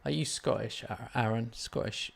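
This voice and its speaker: A man's voice: on the low side, fairly even intonation, normal speed, creaky. A man hosting a gaming live stream, chatting casually and rambling in a self-mocking way while answering viewers.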